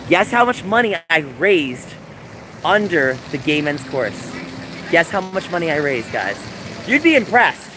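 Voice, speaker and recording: A man livestreaming from outdoors, talking to chat in an animated, mocking, sarcastic way. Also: on the high side, a little slow. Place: outdoors in a busy public area. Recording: outdoor street noise with passing vehicles.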